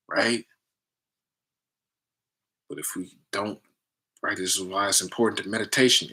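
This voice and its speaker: A man hosting a casual spiritual talk with his community, animated and preachy, often checking in with "right?" and "family.". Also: lowish voice. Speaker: livestream host talking to his community.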